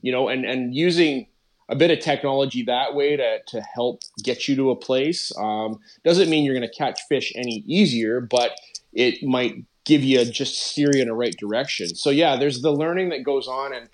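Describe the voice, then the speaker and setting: A middle-aged man talking in a relaxed, rambling way, stringing his thoughts together with plenty of "you know" and "like". His voice sits at an ordinary middle pitch. He speaks as a guest in an easygoing interview. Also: moderate pace. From Canada. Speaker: podcast guest. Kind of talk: casual conversational interview.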